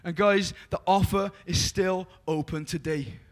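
A man with a Welsh accent preaching a lively evangelistic sermon, joking, swinging from loud calls to soft confiding. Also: high voice, measured pace.

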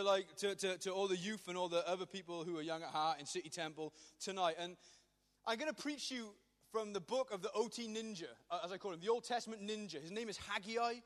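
Male pastor, high bright voice, quick and jokey, church hall reverb. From Wales. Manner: joking, rambling, self-deprecating. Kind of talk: humorous youth sermon.

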